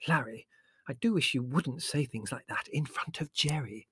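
A man voicing a vague, fussy middle-aged mother who is mild, flustered and gently reproving. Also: medium pitch, normal speed, husky, no echo, voice pushed up.

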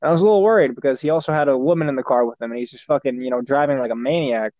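A man's voice: mid-range voice, racing, darkish tone, no room sound, highs cut off. A young man chatting casually, telling a long rambling story with lots of swearing and fillers. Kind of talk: casual chat.

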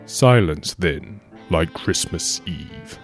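A man giving a measured, solemn recitation of a spooky rhyming poem. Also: low-pitched, expressive, faint music behind. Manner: measured, solemn storytelling delivery. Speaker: podcast co-host reciting a poem.

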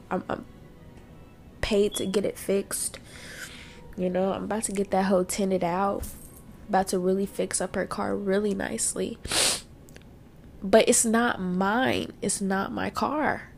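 A young woman talks through tears, sniffling as she vents bluntly and swears freely. Her voice sits at an ordinary middle pitch with a strong gravelly fry. A faint low rumble runs underneath. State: tearful, sniffling. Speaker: podcast host. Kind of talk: casual personal monologue.

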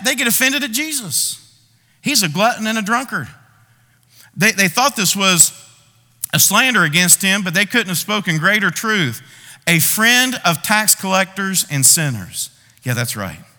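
A man preaching in a large church, his high, very bright voice ringing through a long hall reverb. He acts out people's prayers and complaints with dramatic pauses. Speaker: pastor. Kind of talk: sermon.

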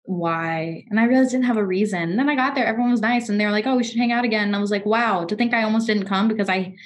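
A woman's voice: fairly high pitch, fairly even intonation, very fast. A woman in her twenties in casual podcast chat, telling personal stories candidly and often restarting her sentences. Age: 20s.

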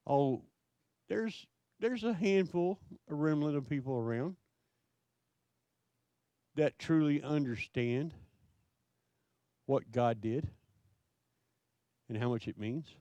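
Man preaching a slow, searching sermon. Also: on the high side, expressive, mellow, dry recording. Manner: asks rhetorical questions, slow emphatic preaching. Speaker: pastor.

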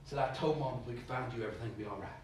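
A man preaching a sermon, rambling through anecdotes and then rising to loud exhortation. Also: mid-range voice, very fast. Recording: echoey room, distant mic, faint noise.

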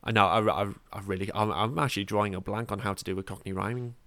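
A man's voice: lowish voice, fairly even intonation, quick pace, fairly bright tone, dry recording. A man with a northern English accent hosting a casual podcast chat, self-deprecating and full of ums. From northern England. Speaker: podcast host.

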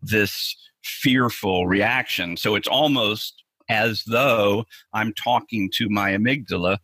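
Bright, husky-voiced male therapist. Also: on the low side, takes it slowly, dry recording. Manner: earnest, thinks aloud with restarts. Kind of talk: explanatory interview answer.

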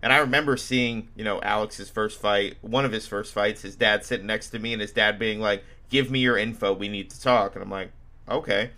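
A man's voice: fairly low pitch, fairly even intonation, fairly quick, sharp tone. A man hosting a casual podcast, telling anecdotes with animation and acting out what people said. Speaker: podcast host.

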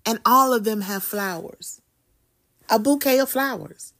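Lady in her middle years, chatty and animated, telling a story on her podcast. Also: a little high, a little slow. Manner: animated, chatty, with Southern slang. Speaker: podcast host. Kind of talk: casual storytelling monologue.

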